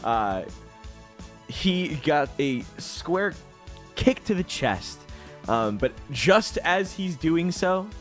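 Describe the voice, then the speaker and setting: Animated, unhurried young male game master. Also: on the high side, faint music behind. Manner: laughing, loose and profane. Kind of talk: narrating a tabletop game.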